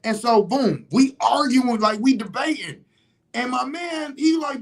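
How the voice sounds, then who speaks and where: A young adult man hosting a podcast, telling a story in casual chat, animated and profane, often getting loud and emphatic. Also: very high-pitched, unhurried. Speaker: podcast host.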